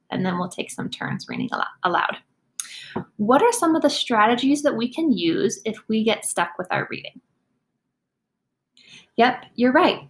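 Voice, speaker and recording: A woman teacher, leading a demonstration reading lesson for young students, encouraging and clearly sounding out words. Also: mid-range voice, a bit bright.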